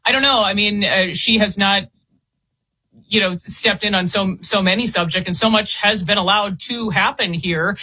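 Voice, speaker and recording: A woman reporter speaks as an interview guest in a bright voice with a husky edge. She halts often and repeats words as she explains. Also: mid-range voice, moderate pace, low-quality recording.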